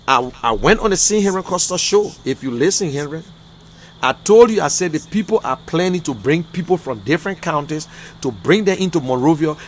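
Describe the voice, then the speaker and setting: A man's voice: a little high, a bit bright, a little hiss or hum. Emphatic Liberian man on a livestream. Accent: Liberian English. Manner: emphatic, repetitive, exasperated. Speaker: livestream commentator. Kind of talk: heated livestream political talk.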